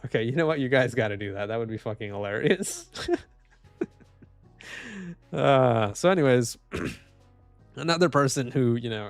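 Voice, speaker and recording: A man's voice: medium pitch, creaky, no echo. A young man streaming live, making casual commentary as he reads posts and keeps laughing and saying "dude". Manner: laughing, mocking, says dude a lot.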